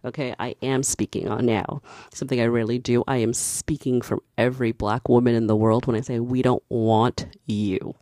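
A woman's voice: rumbling low, little pitch movement, a little fast, mellow, no echo, studio quality. A woman giving casual opinion commentary, candid and passionate, building to emphatic points.

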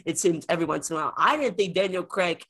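A man's voice: sits high, fast talker, fairly bright tone, breathy edge. A man co-hosting a film podcast, chatting casually and rambling as he repeats words while he thinks. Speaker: podcast co-host. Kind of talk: casual film review chat.

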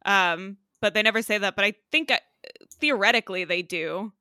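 A woman appearing as a guest on a podcast, chatting casually with a wry, deadpan humor. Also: medium pitch, normal speed, no echo, studio quality. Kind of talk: casual chat.

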